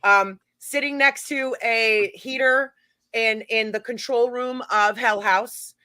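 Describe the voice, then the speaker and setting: A woman's voice: on the high side, takes it slowly, clean tone, no echo. A woman who organizes paranormal events, telling a funny story in a casual chat and laughing as she goes. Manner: animated, laughs while telling stories.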